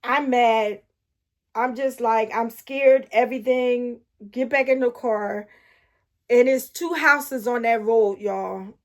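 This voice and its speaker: A middle-aged woman with a high voice tells a casual story to her viewers. She is animated and excitable, and she breaks off and restarts her sentences as she goes. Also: slow. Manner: animated, talks straight to viewers with frequent asides. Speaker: vlogger telling a story.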